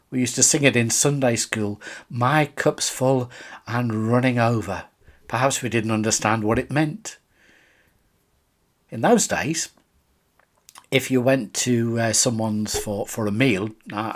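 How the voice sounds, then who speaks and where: An older man, a Salvation Army officer from England, giving a calm, unhurried devotional talk on a psalm, with occasional restarts. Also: mid-range voice.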